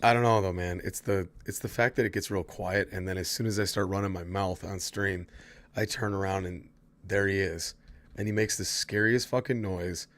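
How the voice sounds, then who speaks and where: A man's voice: sits low, fairly even intonation, normal speed, a bit bright. A man casually chatting to his viewers while playing a horror game, swearing freely and answering chat. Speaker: streamer. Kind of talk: casual gameplay commentary.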